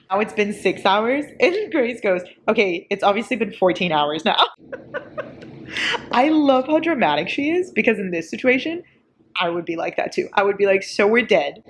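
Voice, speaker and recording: A woman's voice: medium pitch, moderate pace, a little hiss or hum. Giggly woman in her twenties. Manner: chatty, giggly, excitable. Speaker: book vlogger. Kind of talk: casual reading vlog.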